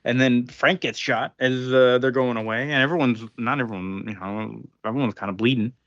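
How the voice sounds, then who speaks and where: A man's voice: medium pitch, a little fast, fairly bright tone, dry recording, highs cut off. A man casually recapping a comic book on a podcast, rambling with fillers and acting out lines of dialogue. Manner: rambling, laughing, acts out quotes. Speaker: podcast co-host.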